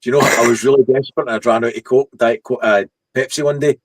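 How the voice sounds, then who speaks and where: A man chatting as a guest on a live stream, making dark deadpan jokes. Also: medium pitch, quick pace, breathy edge, dry recording. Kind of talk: casual live stream chat.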